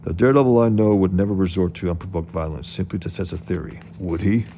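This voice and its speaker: A man's voice: low-pitched, fast talker, mellow, a little hiss or hum. A man reading aloud as an imposing male crime boss who talks down in a mocking way. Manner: mocking, condescending.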